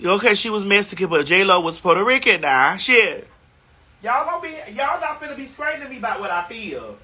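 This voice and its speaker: A woman's voice: mid-range voice, very animated, fairly quick, sharp tone, breathy edge. A woman hosting a casual phone livestream from a hotel room, sassy and playful as she chats back to viewer comments. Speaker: livestream host.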